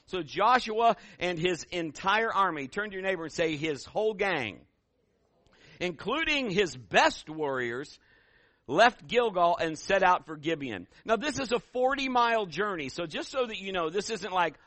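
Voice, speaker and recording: A middle-aged man preaching a sermon as pastor, telling stories and acting out voices, building to loud emphatic peaks. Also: sits high, expressive, moderate pace, no echo.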